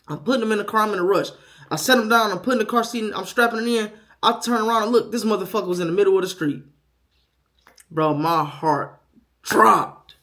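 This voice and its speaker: A young man talking candidly to camera as a first-time father, frank and profane, moving from quiet self-doubt to loud, animated storytelling. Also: high voice.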